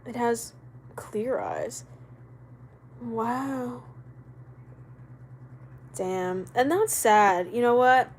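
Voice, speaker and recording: A woman's voice: a little high, drawn-out words, long pauses, slight background noise, low-quality recording. Chatty young woman on a live stream. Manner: chatty, animated, loose and rambling. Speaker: livestreamer. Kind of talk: casual live-stream chat.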